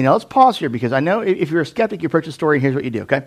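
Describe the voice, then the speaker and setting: A man's voice: fairly high pitch, racing, hardly any pauses, breathy edge. A man preaching a casual sermon, talking conversationally with many fillers and questions to the audience. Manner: animated, conversational, lots of "like", asks the audience questions. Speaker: pastor.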